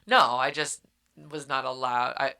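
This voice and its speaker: A woman's voice: very deep voice, steady tone, a little slow, pushed and bright, clear, resonant tone. A woman co-hosting a casual book podcast, blunt and joking, who acts out scenes as she talks. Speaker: podcast co-host.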